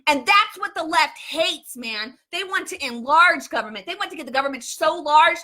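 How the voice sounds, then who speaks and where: A woman's voice: high voice, animated, normal speed, bright, forceful tone. A woman hosting live political commentary, talking in a fervent rant full of restarts and repeats. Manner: fervent, repetitive, many restarts.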